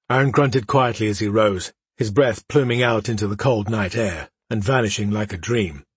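A man narrating a fantasy story as an audiobook, measured and dramatic, often dropping to a hush. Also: lowish voice, breathy edge, no echo.

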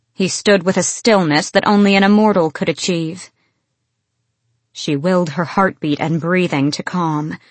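A woman reading fantasy fiction aloud in measured, expressive storytelling. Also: lowish voice, no echo. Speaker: audiobook narrator. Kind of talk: scripted fantasy narration.

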